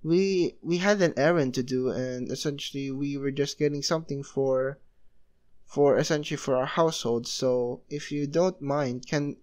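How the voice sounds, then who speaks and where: A man's voice: mid-range voice, steady tone, normal speed, darkish tone, natural voice. A man voicing a kind young male devil hero who stammers and hesitates, in a fan story read aloud. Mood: friendly.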